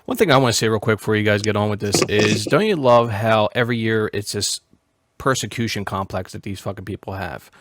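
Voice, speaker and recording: A man's voice: on the low side, a little fast, background noise. A man hosting a podcast, ranting in heated, profane casual commentary. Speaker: podcast host.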